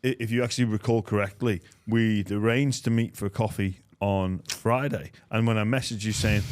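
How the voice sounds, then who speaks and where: A man's voice: lowish voice, steady tone, moderate pace, hardly any pauses. Wry male podcast guest. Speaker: podcast guest, former player. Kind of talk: casual storytelling.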